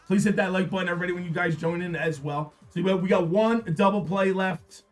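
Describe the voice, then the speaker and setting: A man hosting a live card-break stream, repeating prices and hyping the product in an upbeat sales pitch. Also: fast talker, soft background music. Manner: upbeat, repetitive hype.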